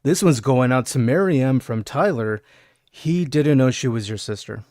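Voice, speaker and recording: A man's voice: mid-range voice, lively intonation, a little slow, darkish tone, no echo, studio quality, close to an everyday voice. A man playing a late-night male radio DJ, reading song dedications in announcer patter. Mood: smooth.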